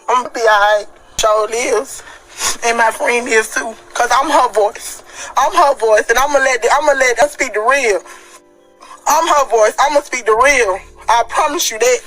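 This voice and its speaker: A woman's voice: sits high, fairly bright tone, poor audio. A woman, ranting impassionedly and repetitively on a phone livestream, swearing heavily. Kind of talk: emotional livestream rant.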